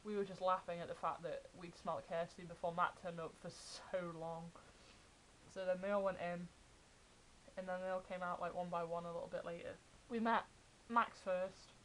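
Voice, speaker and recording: A young adult woman, excitedly telling fan stories in a casual vlog. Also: fairly low pitch, a little hiss or hum, low-quality recording. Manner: chatty, excited retelling of fan anecdotes. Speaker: vlogger.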